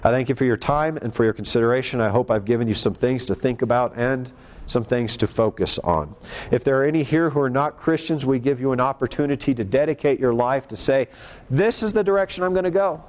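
A man preaching a sermon in a church, earnest and emphatic, climbing into urgent appeals and settling low at the ends of phrases. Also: fairly quick.

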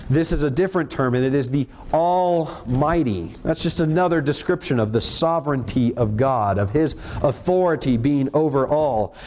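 An earnest male preacher delivers a sermon in a voice pitched a little above the usual for a man. He leans hard on key words and draws them out slowly as he reads scripture and drives his point home. A faint room ambience sits under his voice. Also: darkish tone, a little hiss or hum.

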